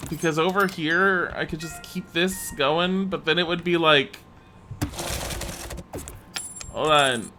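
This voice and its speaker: A man's voice: on the high side, unhurried, over music. A man streaming a building game live, chatting and thinking aloud to viewers and laughing often. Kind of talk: live-streamed gameplay chat.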